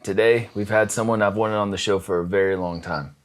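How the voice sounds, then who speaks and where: Excitable low-voiced male host. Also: a little fast. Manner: enthusiastic, laughs a lot, slangy "dude". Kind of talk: casual interview chat.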